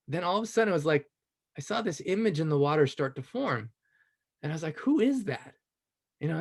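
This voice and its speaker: A man, around his thirties or forties, sharing a personal story in an animated, enthusiastic way, laughing often and filling pauses with "you know.". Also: fairly high pitch. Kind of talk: casual testimonial storytelling.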